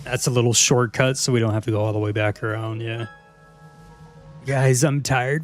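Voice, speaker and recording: A man's voice: mid-range voice, fairly even intonation, moderate pace, faint music behind. A man streaming a video game, chatting casually and answering viewers' questions with easy chuckles. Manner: laid-back, chuckling, rambling restarts. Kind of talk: casual gameplay commentary, answering chat.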